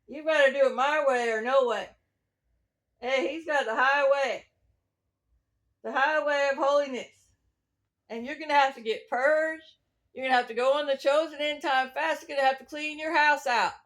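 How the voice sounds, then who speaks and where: A woman's voice: sits high, steady tone, normal speed, a bit bright. A woman giving a meandering religious testimony, preachy and chuckling between thoughts. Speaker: self-styled prophet.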